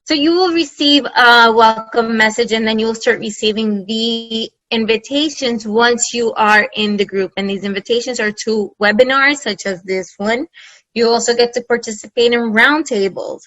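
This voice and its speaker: A woman's voice: fairly high pitch, moderate pace, sharp tone, no room sound, highs cut off. A woman hosting an online webinar from home over a video-call mic, effusive and enthusiastic, repeating phrases for emphasis. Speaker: webinar host. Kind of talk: presenting a webinar.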